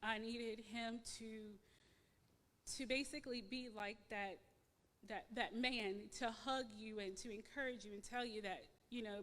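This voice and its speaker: A woman giving a personal testimony in church, halting and emotional, repeating words with many fillers. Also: on the high side, a bit bright, in a large hall. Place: church sanctuary.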